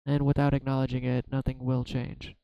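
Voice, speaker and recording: A man doing a solo tarot reading, talking slowly through his own fears and frustration with many restarts. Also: mid-range voice, completely flat delivery, gravelly, smooth, no room sound, muffled recording. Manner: halting, self-searching, many restarts. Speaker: tarot reader. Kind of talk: reflective solo tarot vlog.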